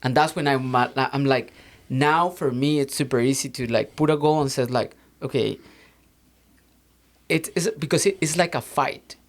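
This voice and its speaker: A man's voice: mid-range voice, moderate pace. A man with a Mexican accent talks loosely on a podcast. He rambles, circles back and restarts his sentences, padding them with fillers. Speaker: podcast co-host. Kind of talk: casual chat.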